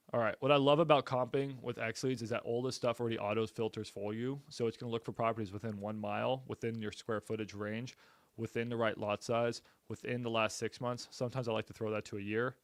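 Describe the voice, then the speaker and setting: A man's voice: medium pitch, fairly even intonation, fairly quick, no echo. Male real estate streamer, blunt and punchy sales patter with loose casual talk, middle voice, dead-dry room. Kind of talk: casual live-stream commentary while cold-calling.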